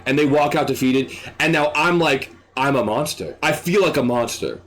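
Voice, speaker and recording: A man streaming, ranting in an exasperated, animated way and swearing freely. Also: a little high, moderate pace, few pauses. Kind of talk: ranting commentary.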